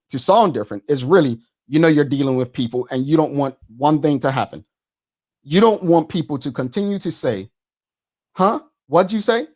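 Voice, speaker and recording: A man, co-hosting a studio talk show and arguing his point quickly and emphatically, repeating words. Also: medium pitch. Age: 40s. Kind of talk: studio debate.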